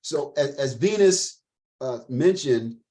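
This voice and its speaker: Relaxed man introducing a session. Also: mid-range voice. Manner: relaxed, with frequent filler pauses. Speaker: chamber president and host.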